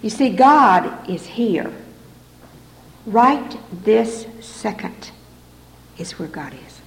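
A middle-aged woman with a gravelly, medium-pitched voice speaks extremely slowly, though her intonation is lively. She is giving earnest, repetitive testimony as a speaker at a recovery meeting in a hall. The recording is echoey, with some faint noise in the background.

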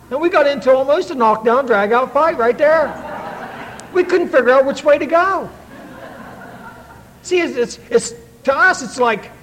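A man's voice: extremely high pitch, a bit bright, poor audio. A middle-aged man telling his own story to a recovery meeting, in an earnest, folksy way with many restarts. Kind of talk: personal testimony to an audience.

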